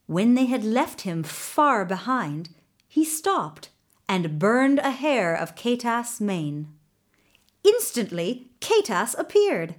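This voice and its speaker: A woman's voice: on the high side, big pitch swings, slow. A woman telling a fairy tale in scripted storybook narration, giving the characters their own voices.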